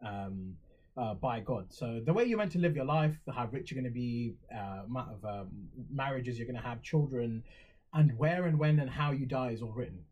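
A man's voice: medium pitch, expressive, moderate pace, slightly rough, dull audio. A young English man talking in a reflective, rambling way on a casual podcast, with many fillers and restarts. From England. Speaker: podcast co-host.

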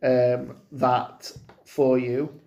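A chatty co-host rambles through an anecdote, full of "um"s and restarts. The voice sits at a middle pitch. The recording carries a noticeable room echo. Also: very slow. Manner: rambling, animated storyteller with many fillers. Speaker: podcast co-host. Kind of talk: casual chat. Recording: roomy, echoey room sound.

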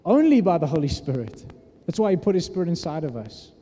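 A man's voice: on the high side, sing-song, fast, dark tone. A man preaching a sermon in an earnest, conversational way, often restarting his sentences. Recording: long hall reverb.

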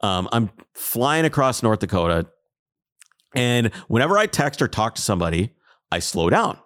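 Man from Minnesota, animated storyteller, mid-pitched voice, lots of pitch movement. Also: normal speed. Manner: animated, acts out voices in his stories, pitch jumps way up for punchlines. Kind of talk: casual storytelling chat.

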